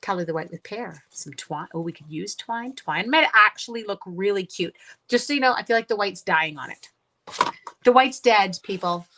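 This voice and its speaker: A woman's voice: mid-range voice, expressive, moderate pace, a bit bright, slight background noise. Chatty woman hosting a crafting livestream. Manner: chatty, self-talking while crafting, talks to viewers. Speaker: card-making livestream host. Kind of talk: casual livestream crafting chat.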